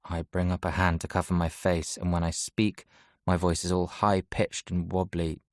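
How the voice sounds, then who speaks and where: A young man narrating an audiobook in the first person, soft, subdued and measured. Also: low-pitched, level tone, no room sound, clean studio sound.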